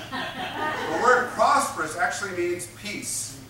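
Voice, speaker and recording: Recorded from a distance in an echoey room with background noise, a man preaches a sermon in a high-sitting voice at normal speed. He's emphatic and repetitive, drawing responses from his congregation.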